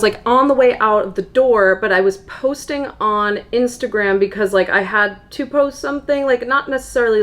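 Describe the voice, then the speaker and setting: A woman in her twenties telling a frank, rambling dating story in casual chat, full of fillers and swearing. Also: mid-range voice. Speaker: content creator.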